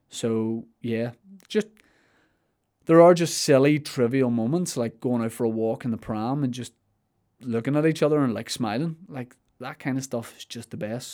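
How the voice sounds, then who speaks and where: Young male podcast host, mid-pitched, loose and rambling, full of restarts and asides. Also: a little mellow. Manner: rambling, self-interrupting, with restarts and playful asides. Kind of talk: casual chat, answering listener questions.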